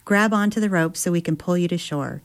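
Woman reading male river guide, easygoing, casual instructions, lowish voice. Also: brisk, lightly acted. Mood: instructive.

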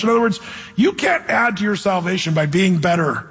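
A man preaching a sermon in church, animated, acting out the voices he quotes. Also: high voice, fairly quick, husky, in a large hall. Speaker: pastor.

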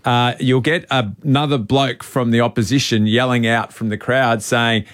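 A man's voice: mid-range voice, normal speed. A man hosting breakfast radio, telling a story in a chatty way with plenty of ums and uhs. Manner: animated storytelling with frequent fillers. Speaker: radio host.

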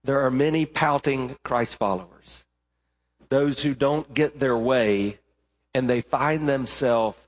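A male pastor preaching a sermon, emphatic, rising to fervent stretches and slowing down for weighty points. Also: mid-range voice. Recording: long reverb of a large hall.

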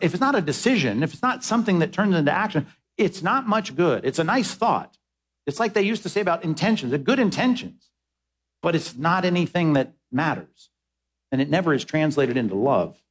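A man preaching a sermon as pastor, emphatic, repeating words as he presses his points. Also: high voice.

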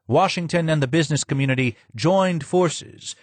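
A man narrating a memoir audiobook in an expressive reading with strong emphasis. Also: fairly high pitch, moderate pace, no room sound.

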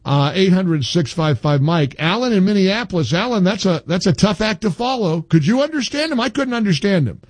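A middle-aged man hosts a call-in radio show in a higher-than-usual, very lively voice. He rambles wryly and gets excitable. The sound is dry and close on a studio mic. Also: fairly quick, few pauses, dry recording. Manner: wry, excitable, rambling, voice jumps up when exasperated. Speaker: radio talk show host.

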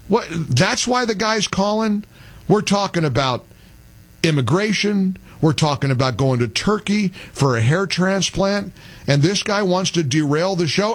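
Animated, sarcastic talk radio host man. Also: high-pitched, a little slow, no echo.

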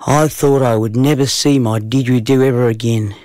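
A man narrating a children's story in a gentle, even way. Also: mid-range voice, a little fast, no echo.

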